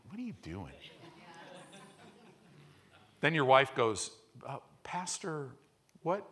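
A middle-aged man preaches a sermon from a church pulpit. His voice is bright and a touch higher than most men's. He moves from quiet, conversational teaching to loud, fervent calls, leading the congregation in call-and-response. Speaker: pastor.

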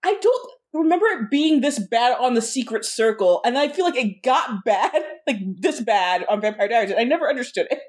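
A woman co-hosting a podcast in casual chat, tossing in quick, chatty asides with laughter. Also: a little high, animated. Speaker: podcast co-host.

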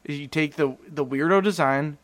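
A man co-hosting a casual car podcast, rambling and animated, often restarting his sentences. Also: fairly high pitch, normal speed. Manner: rambling, animated, self-interrupting. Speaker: podcast co-host.

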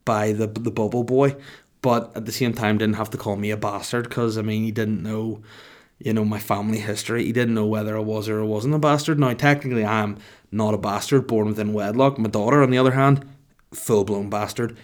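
A man's voice: lowish voice, fairly even intonation, a little fast. A man in his thirties hosting a podcast, telling a rambling comic story in a jokey, self-mocking way. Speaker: podcast host.

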